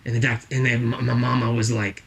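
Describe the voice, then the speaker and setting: A man's voice: medium pitch, flat delivery, brisk, natural voice. A man playing a boastful, rambling jobless guy with a put-on accent, spinning tall tales in an improvised comedy interview.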